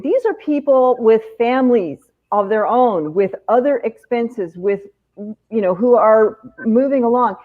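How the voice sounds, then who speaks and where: A woman hosts a remote fundraiser with an upbeat, chatty delivery. Her voice sits fairly high. The sound is muffled, like audio from a video call. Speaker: event host. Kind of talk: casual live-stream fundraiser hosting. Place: home, remote event.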